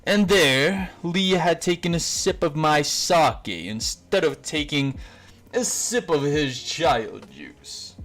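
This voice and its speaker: A man doing a loud boastful martial arts teacher. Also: fairly high pitch, takes it slowly, voice pushed up. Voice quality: loud, theatrical and excitable.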